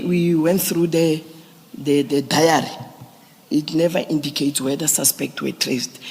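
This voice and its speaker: A man testifies before a commission in a large hearing room, explaining police procedure piece by piece with halting restarts. His voice sits a little high for a man, gravelly and husky. The sound carries a long echo from the hall. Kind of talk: formal testimony.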